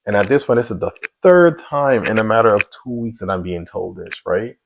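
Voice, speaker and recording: A man in his thirties tells his own story of faith and struggle in a candid, confessional way. His voice sits low and carries a rough, gravelly fry. He talks earnestly and keeps reaching for the listener with "you know" asides. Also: a little fast, slight background noise, poor audio. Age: 30s. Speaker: vlogger sharing a personal faith testimony. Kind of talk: candid personal testimony.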